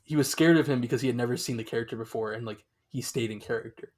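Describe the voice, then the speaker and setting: A man's voice: medium pitch, fast, darkish tone. A young man co-hosting a podcast in casual chat, rambling with lots of fillers and restarts. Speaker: podcast co-host.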